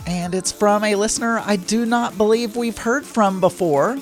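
A middle-aged man with a high voice hosts his own daily podcast at a normal speed, with faint music in the background. He chats casually and rambles, dropping self-deprecating asides.

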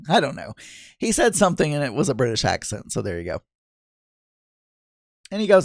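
A man's voice: a little high, big pitch swings, normal speed, long pauses, no echo, studio quality, faint music behind. A man casually telling a rambling story, with many restarts and asides.

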